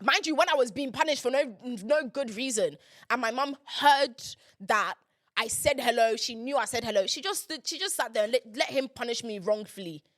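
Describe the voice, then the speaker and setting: A woman's voice: on the high side, animated, a little fast, a bit bright. A young woman, hosting a podcast and telling a story in a casual, emphatic way, repeating herself for emphasis. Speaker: podcast host.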